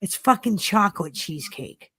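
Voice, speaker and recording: A woman's voice: medium pitch, moderate pace, husky. A woman hosting a casual chat show, telling a rambling story full of swearing and acted-out quotes of herself. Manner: animated, swears constantly, acts out her own quotes. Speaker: podcast host.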